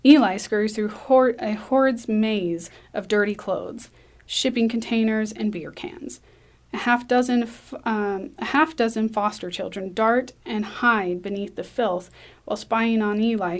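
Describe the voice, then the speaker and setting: A woman reading a screenplay aloud, brisk, with small slips and restarts. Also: mid-range voice. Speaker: script reader.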